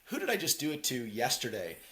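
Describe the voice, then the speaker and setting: A man's voice: medium pitch, huge pitch swings, fast talker, sharp tone. A man co-hosting a podcast, chatting casually and jokingly about a film and acting out quotes in silly voices. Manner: rambling, jokey, acts out quotes in silly voices. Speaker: podcast co-host. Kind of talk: casual movie chat.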